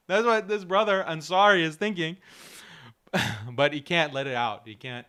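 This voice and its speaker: A man's voice: fairly high pitch, unhurried, long pauses, sharp tone, clear, resonant tone. A man hosting a show, reacting to clips with mocking commentary and frequent laughter. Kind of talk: casual commentary.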